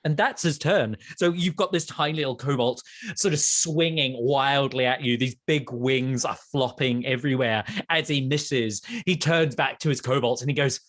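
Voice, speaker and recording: A man running a tabletop game as dungeon master, narrating with many pauses and ums. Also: mid-range voice, a bit bright.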